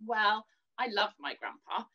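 A woman leading a gentle children's worship lesson, teaching in a soothing sing-song voice and singing simple lines for children to repeat. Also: medium pitch, expressive, measured pace. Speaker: children's church leader. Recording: dull lo-fi recording.

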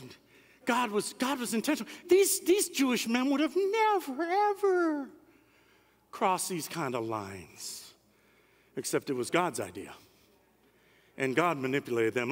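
High-voiced fervent preacher. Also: male voice, a bit bright. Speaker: pastor. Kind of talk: sermon. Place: large conference hall. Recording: reverberant conference hall.

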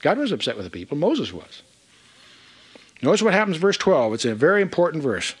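Male Bible teacher, somewhat high voice, very lively delivery, emphatic scripture reading. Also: brisk, breathy edge. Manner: animated, emphatic, reads scripture aloud with asides.

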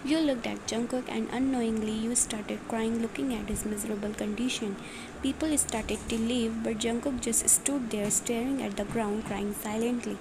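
A woman with a slightly high voice reads a fan fiction story aloud. She carries narration and dialogue in the same voice, stumbling and restarting now and then. Steady noise hums behind her. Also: normal speed. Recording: noisy background.

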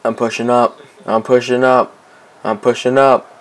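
A young man casually commenting on his own soccer video game match, excitable and repeating himself as he begs teammates for the ball. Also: mid-range voice, normal speed, low-quality recording. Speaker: gameplay commentator. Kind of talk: casual let's-play commentary.

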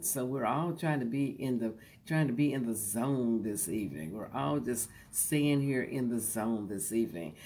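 Slow, whispery woman host coaching poetry. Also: a bass voice, a little hiss or hum. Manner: slow and drawn-out, sometimes dropping to a soft whisper; folksy and joking. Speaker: host teaching poetry recitation. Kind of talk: relaxed instructional talk to an online audience.

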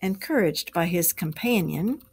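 A woman's voice: lowish voice, animated, a little slow, husky. Woman teacher reading aloud to children. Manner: explains words to children as she reads. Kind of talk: classroom read-aloud.

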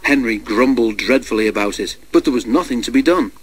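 A man narrating a children's storybook in a steady, measured way and doing the character voices. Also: medium pitch, husky. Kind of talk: storybook read-aloud. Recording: noisy recording.

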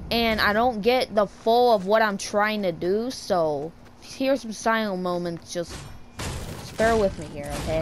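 Her voice is medium-pitched, with a bit of hiss or hum in the recording. Playing a shooter at home for her stream, this gamer keeps up relaxed commentary and lets out excited yelps and exclamations mid-match.

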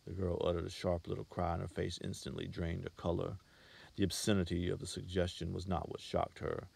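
A man reading a short story aloud as an audiobook, in a measured, steady manner. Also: deep voice, creaky, slightly rough. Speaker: narrator.

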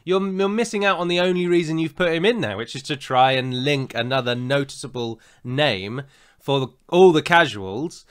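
Fairly high-pitched and animated, this male co-host talks at a normal speed with a clean tone. He comes from England, has a standard southern English accent, and chats casually through opinionated reviews, using frequent fillers.

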